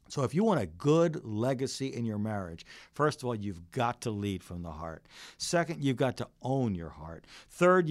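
A man's voice: medium pitch, no echo, clean studio sound. A middle-aged man preaching a sermon as pastor, earnest and full of stories. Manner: earnest, storytelling preacher who varies his delivery.

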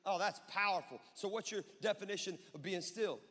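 Bright, high-voiced preacher man who gets shouty. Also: fairly quick, big-room sound. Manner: joking, then building to shouts. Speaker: pastor. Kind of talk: sermon. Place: church sanctuary.

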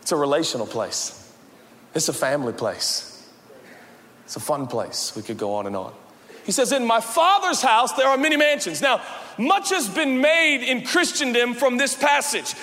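Male pastor, lively sermon with shouted peaks and soft asides; bright voice echoing in a big church hall. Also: very high-pitched, moderate pace. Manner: animated, swings from shouting to quiet, playful asides. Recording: long hall reverb, faint background noise.

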